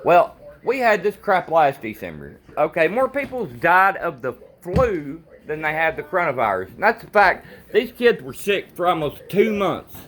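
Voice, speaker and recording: A father ranting to the camera at home in a casual, repetitive, animated way. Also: on the high side, moderate pace, hardly any pauses. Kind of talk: casual political rant.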